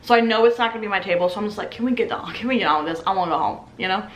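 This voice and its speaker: She's a young restaurant server in her twenties, rattling off a casual, animated story at rapid speed and mimicking customers along the way. Her voice is mid-range, the sound is roomy, and there's slight background noise.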